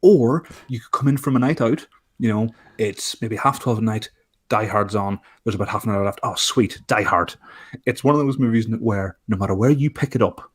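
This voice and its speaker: Man, husky low voice, animated podcast co-host, casual chat. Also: moderate pace. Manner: animated, laughing, swears often.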